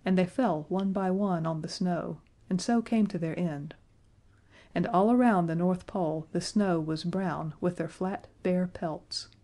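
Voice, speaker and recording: A woman narrating a children's fantasy audiobook in a measured, gently expressive way. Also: on the low side. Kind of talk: scripted storybook narration.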